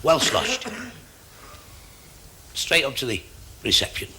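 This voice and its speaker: A man telling stand-up jokes in a brisk one-liner style, switching into each character as he goes. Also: medium pitch, wildly swooping pitch, bright, forceful tone, a little hiss or hum. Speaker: stand-up comedian.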